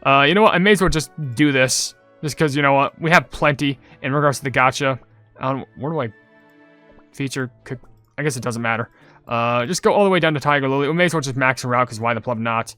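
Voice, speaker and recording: A young man casually commenting on his gameplay and reading viewer comments, chatty and rambling, getting loudly excited over loot. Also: mid-range voice, quick pace, smooth, faint music behind. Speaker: gaming channel host.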